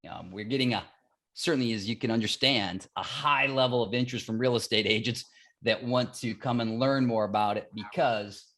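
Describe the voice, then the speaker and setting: A man as a guest on a podcast interview, explaining his business with animated stories and acted-out dialogue, often repeating phrases for emphasis. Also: medium pitch, fairly quick. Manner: animated storytelling, acts out dialogue. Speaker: mortgage platform guest.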